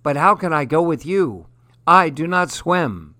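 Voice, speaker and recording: A man voicing a quick, clever young male monkey in a storybook, pitching his voice up and sounding eager. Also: expressive, bright, forceful tone.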